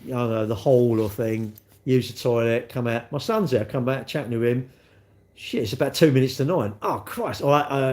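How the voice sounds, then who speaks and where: Answering live comments on his phone stream, this middle-aged host rambles and trades cheeky banter with his audience. His voice sits in the mid-range with a darkish tone.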